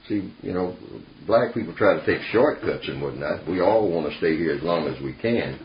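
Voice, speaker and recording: A man's voice: sits low, expressive, normal speed, hardly any pauses. A man leading an informal group discussion, emphatic and folksy, often dropping in "see" and "you know". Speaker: discussion leader. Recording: echoey room, dull lo-fi sound.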